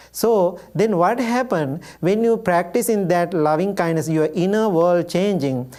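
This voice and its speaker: A man, a Buddhist monk, giving a dharma talk full of personal stories, acting out dialogue in simple, direct phrasing and chuckling often. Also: high-pitched. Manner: lively storyteller who acts out dialogue, simple direct phrasing; chuckles often while speaking.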